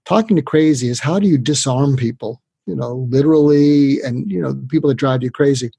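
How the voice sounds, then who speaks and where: An older man, a guest expert, giving communication advice in a lively conversational way, acting out quotes as he goes. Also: medium pitch, brisk, creaky, slightly rough, no room sound. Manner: animated, tells tips with acted-out quotes. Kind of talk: conversational interview.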